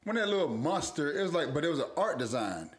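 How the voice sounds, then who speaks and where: A man's voice: a little high, big pitch swings, quick pace. A young man co-hosting a casual talk show, telling stories loosely with lots of swearing and frequent laughter. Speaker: podcast co-host. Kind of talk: casual chat.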